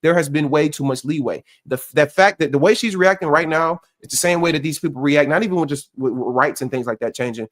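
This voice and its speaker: Fired-up man ranting on his stream, swears a lot, hammers the same points, voice sits kinda high. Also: fast, hardly any pauses. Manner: blunt, profane, repetitive and emphatic. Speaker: commentary streamer. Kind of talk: heated reaction commentary.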